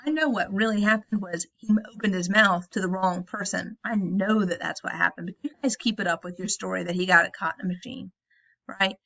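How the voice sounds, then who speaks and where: A woman's voice: mid-range voice, steady tone, fairly quick, vocal fry, a bit bright, dull audio. Woman retelling as a lonely, bitter ranch wife. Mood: bitter taunting. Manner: sassy, taunting retelling.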